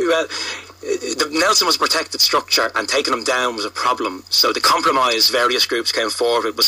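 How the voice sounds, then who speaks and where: Guy rattling off stories, bright husky voice, radio interview. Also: mid-range voice, rough recording. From Ireland. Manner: fast storytelling with frequent restarts. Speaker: author guest.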